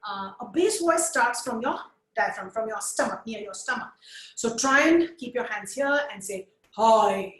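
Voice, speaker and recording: Her voice on the high side, expressive and fairly bright at a normal speed, an Indian-accented woman teaches a puppetry webinar. Hindi slips into her English mid-sentence as she cheers listeners on to try voices alongside her, demonstrating with laughter bursts. The audio is poor, in an echoey room.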